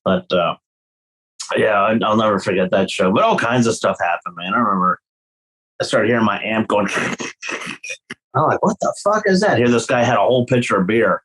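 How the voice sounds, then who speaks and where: A man telling tour stories with a lot of energy, his pitch jumping high whenever he acts out what someone said. He swears freely and laughs through his own stories, a musician in a loose podcast chat. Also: moderate pace, pauses often, fairly bright tone, husky, rough recording. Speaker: guest guitarist.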